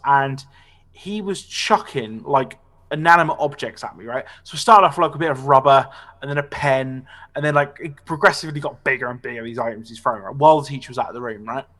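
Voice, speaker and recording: Bright-voiced man telling stories, swearing. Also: mid-range voice. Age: 20s. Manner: animated, sweary anecdote telling with frequent "right?" tag questions. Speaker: podcast host. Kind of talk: casual storytelling chat.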